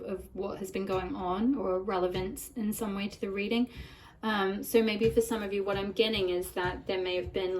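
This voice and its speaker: A woman with a croaky voice from a cold, giving a rambling pick-a-card tarot reading full of "like" and "um". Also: medium pitch, a little mellow. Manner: rambling, many "like" and "um" fillers. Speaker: tarot reader. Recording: voice a bit far from the mic, faint room noise.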